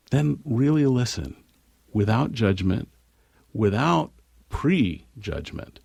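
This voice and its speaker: A man's voice: sits low, expressive, moderate pace, gravelly, darkish tone, no echo, studio quality. A man, a marital therapist, speaking as a radio guest, telling stories earnestly. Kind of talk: radio interview, storytelling.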